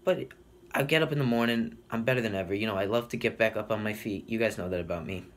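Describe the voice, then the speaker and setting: A man's voice: lowish voice, quick pace, fairly bright tone, slight background noise. Rambling young man telling a story. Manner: rambling, casual, lots of fillers and swearing. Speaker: comedic storyteller. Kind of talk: deadpan comedic monologue.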